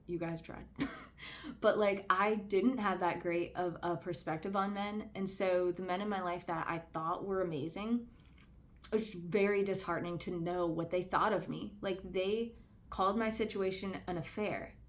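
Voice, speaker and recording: A woman's voice: lowish voice, steady tone, normal speed. Candid woman vlogging casually. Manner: candid and conversational, heavy use of "like"; earnest, speaks out about personal experience. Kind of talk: casual commentary to camera.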